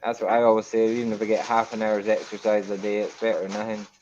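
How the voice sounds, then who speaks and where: A man's voice: lowish voice, monotone, fast talker, a little mellow, highs cut off, slight background noise. A Scottish man chatting on a video call, talkative and often asking "you know what I mean". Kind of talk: casual video call chat.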